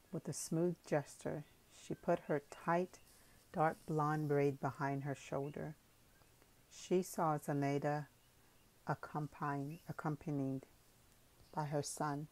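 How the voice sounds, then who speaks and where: A woman reading an audiobook in a calm, measured way. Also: low voice, poor audio. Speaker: audiobook narrator. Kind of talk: scripted narration.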